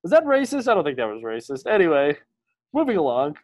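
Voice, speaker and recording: A man in his thirties co-hosting a podcast in casual chat, animated, swearing a lot and full of fillers. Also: fairly high pitch, fast. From Maryland, USA. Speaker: podcast co-host.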